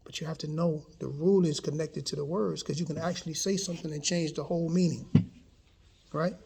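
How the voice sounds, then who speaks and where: A man's voice: on the high side, steady tone, a little fast, vocal fry, warm tone, slight background noise. A man giving a casual spoken lesson, explaining patiently and checking in with his listeners as he goes. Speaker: teacher.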